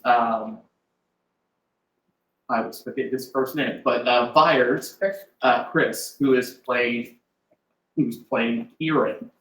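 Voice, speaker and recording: A man's voice: medium pitch, fairly bright tone, reverberant, low-quality recording. A man acting as game master, casually recapping a tabletop session for players at a live-streamed table, with a loose, rambling delivery full of hesitations and chuckles. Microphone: desk mic with in-ear monitor.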